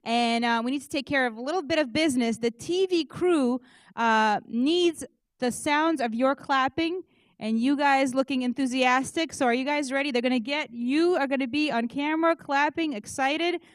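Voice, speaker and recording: A woman warming up an auditorium audience, joking and leading rounds of applause with loud, energetic calls. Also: sits high, moderate pace, dry recording. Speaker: audience warm-up comedian. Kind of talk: stand-up warm-up, leading applause.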